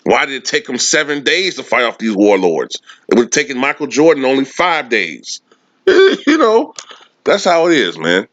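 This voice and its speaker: A man's voice: medium pitch, wildly swooping pitch, normal speed, a bit bright, no echo. A man delivering a sarcastic, profane sports commentary rant. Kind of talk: casual ranting commentary. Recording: dull lo-fi dry recording.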